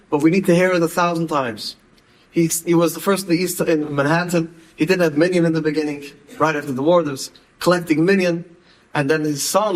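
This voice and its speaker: A man's voice: on the high side, low-quality recording. A man, telling stories in a talk and repeating words for emphasis. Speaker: speaker. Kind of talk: storytelling talk.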